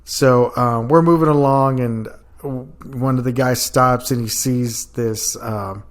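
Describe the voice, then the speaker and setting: Young adult man, casual storyteller, animated, breaks into laughter, mid-pitched. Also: slow pace. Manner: animated storyteller, laughs often, acts out quotes loudly. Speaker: podcast guest.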